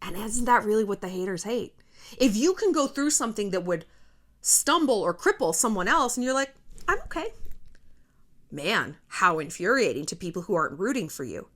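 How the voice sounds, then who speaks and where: A woman's voice: mid-range voice, sing-song, moderate pace, fairly bright tone. A woman in her thirties hosting a casual motivational vlog, blunt and profane. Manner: blunt and profane, pep-talk tone. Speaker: YouTube host. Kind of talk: casual motivational talk to camera.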